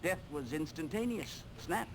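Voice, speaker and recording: A jovial upper-class surgeon in a video game, cracking grim jokes. The voice is fairly high and bouncy. Clear hiss sits under the old recording. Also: male voice, lively intonation, measured pace. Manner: joking, pleased with his own wit.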